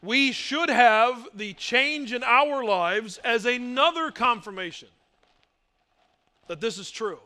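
A man's voice: extremely high pitch, takes it slowly, bright, forceful tone. A male pastor preaching a sermon, emphatic, asking rhetorical questions and mimicking doubters.

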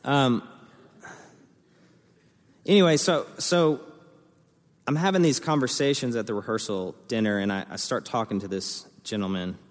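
A young man preaching a sermon as a pastor, telling a story with lively energy and acting out the voices of the people in it. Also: medium pitch, normal speed, long pauses. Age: young adult. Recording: long hall reverb.

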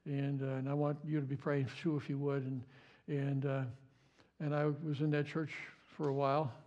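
A man's voice: mid-range voice, completely flat delivery, normal speed, a little mellow, highs cut off. A male pastor preaching a sermon with passion, often repeating words and stumbling over restarts.

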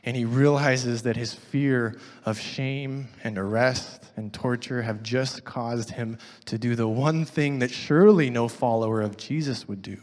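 Guy preaching a sermon, reading scripture, gets loud then drops almost to a whisper, big hall echo. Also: medium pitch. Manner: swings from loud emphasis to hushed, near-whispered lines. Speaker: pastor.

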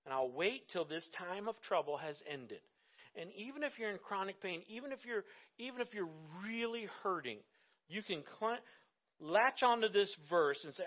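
A high-voiced male pastor in his fifties delivers a conversational sermon and leans hard into his emphatic lines. The recording sounds dull and lo-fi. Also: lively intonation, moderate pace. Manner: conversational preaching with strong emphatic swells.

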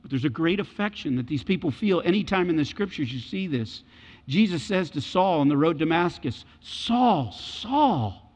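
A man's voice: fairly high pitch, animated, brisk, a little mellow. A man preaching a sermon with dramatic delivery, acting out voices from the scriptures. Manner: dramatic, acts out biblical voices. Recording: echoey hall, dull lo-fi sound.

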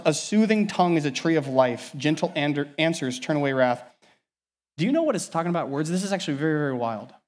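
Male pastor preaching a sermon, middle-pitched voice, lively, moves from quiet asides to punchy emphasis. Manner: animated, varies loudness widely, conversational asides.

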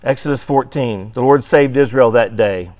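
Here a man's mid-range, somewhat dark voice delivers a Bible class lecture at a normal pace to an adult Sunday school group. He reads verses with emphasis, checks in often with "right?", and occasionally clears his throat.

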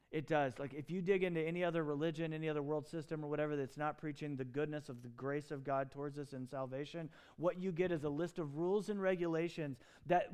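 A man preaching with animated emphasis, his voice rising and falling widely. His tone is smooth and clear, a little higher than most men's. He throws in quick asides and restarts as he goes. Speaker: pastor. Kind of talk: sermon.

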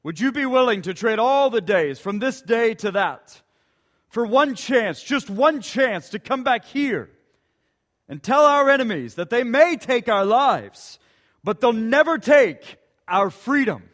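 A preacher voicing a rousing rebel leader. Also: male voice, very high voice, animated, a little slow, fairly bright tone, pitched above the performer's own voice, full character voice. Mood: rallying. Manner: stirring, defiant battle speech.

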